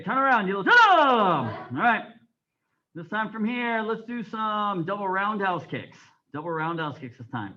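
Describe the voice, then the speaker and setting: Taekwondo instructor barking counts, lively pitch. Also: male voice. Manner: counts aloud in Korean, sharp commands between explanations. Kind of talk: teaching a martial arts class. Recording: dull lo-fi sound.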